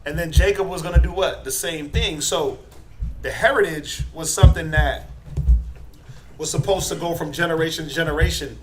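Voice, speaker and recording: Man teaching a Bible class, higher voice, quizzes the room, emphatic, says "right?" a lot, faint noise behind. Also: moderate pace. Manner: asks the class questions, tags lines with "right?"; emphatic, builds to forceful punches.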